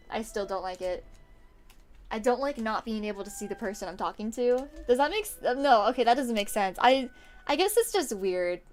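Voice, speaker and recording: A young woman streamer rambling through a work story while she draws, swearing freely and answering chat as she goes. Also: medium pitch.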